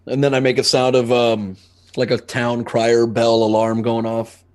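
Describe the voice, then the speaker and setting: A man playing a tabletop game, answering in quick short bits and laughing easily. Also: medium pitch, little pitch movement. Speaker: player. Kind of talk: tabletop role-play chat.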